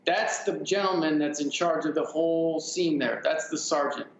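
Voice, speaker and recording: A male attorney explains events in a measured, patient way. His voice sits a little high and comes through a muffled remote feed. Heavy room echo surrounds it. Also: vocal fry, a little hiss or hum. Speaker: attorney guest. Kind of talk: remote interview answers. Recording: echoey, dull remote feed.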